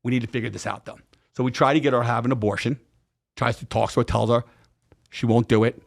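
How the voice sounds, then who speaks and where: A man's voice: medium pitch, quick pace, gravelly. A middle-aged man, a podcast guest, telling a candid story with lots of slang and swearing and acting out what people said. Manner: animated, profane, slangy retelling with acted-out quotes.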